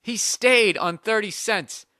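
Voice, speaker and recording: A man's voice: high voice, slow, pushed and bright, no echo, studio quality. A man hosting a podcast, telling a profane comedic story with mocking voices. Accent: Boston. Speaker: podcast host. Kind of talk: comedic monologue. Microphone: studio podcast mic.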